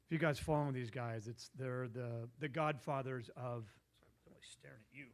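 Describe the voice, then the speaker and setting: A man's voice: mid-range voice, steady tone, brisk. A man telling a long, digressive story at a meetup, laughing often and losing his thread. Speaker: guest investor. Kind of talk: casual storytelling. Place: meetup room.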